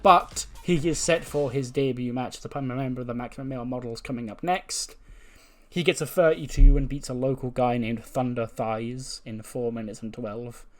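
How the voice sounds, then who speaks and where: A man's voice: medium pitch, fairly even intonation, normal speed, soft background music. A man giving wry, chatty commentary while playing a wrestling management game. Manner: chatty, wry, laughs often. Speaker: let's-play commentator.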